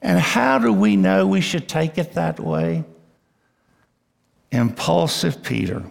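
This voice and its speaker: Slow gravelly preacher in a hall. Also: male voice, on the high side, big pitch swings. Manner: emphatic, rising on key words, slow and deliberate. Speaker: pastor. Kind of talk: expository sermon. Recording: long reverb of a church hall.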